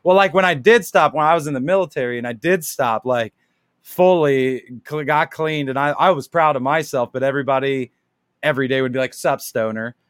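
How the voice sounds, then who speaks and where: A man's voice: on the high side, brisk, smooth, no echo, studio quality. A laid-back man, a co-host, telling stories in casual chat and swearing freely.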